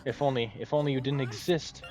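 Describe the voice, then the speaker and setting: A man's voice: medium pitch, steady tone, brisk, music in the background, pitched above the performer's own voice, lightly acted. A man voicing a contemptuous male official in a game, reading his mocking lines plainly in his own voice. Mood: scornful. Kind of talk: dramatic reading of game dialogue.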